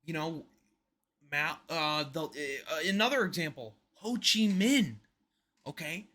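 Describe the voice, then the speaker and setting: Bright, emphatic man ranting casually. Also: a little high, expressive, slow. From United States. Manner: emphatic, rambling, drops to a mutter at the ends of points. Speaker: podcast co-host. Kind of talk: casual opinionated chat.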